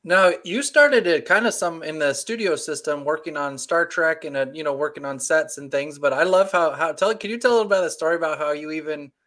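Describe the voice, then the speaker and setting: A man hosting a casual podcast chat, enthusiastic and quick to chime in with agreement. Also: a little high, fairly bright tone. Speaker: podcast host.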